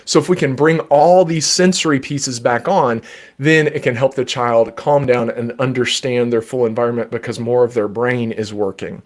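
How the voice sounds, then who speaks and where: A man who is a child therapist and podcast host, giving patient, gentle advice in a live Q&A from his desk at home. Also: medium pitch, fairly even intonation, moderate pace. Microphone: desk microphone.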